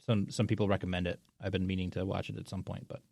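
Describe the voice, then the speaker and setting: A man's voice: low-pitched, flat delivery, fast talker, gravelly, darkish tone, no room sound, clean studio sound. A man in a casual panel chat, speaking hesitantly and often repeating words as he searches for phrasing.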